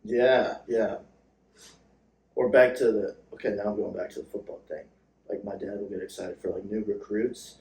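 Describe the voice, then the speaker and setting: A man co-hosting a comedy podcast, trading jokes in casual banter with a deadpan, self-deprecating delivery. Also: fairly low pitch, normal speed, creaky. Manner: deadpan, self-deprecating, laughs at his own bits. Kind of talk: casual joke-writing banter. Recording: echoey room, mic at a distance.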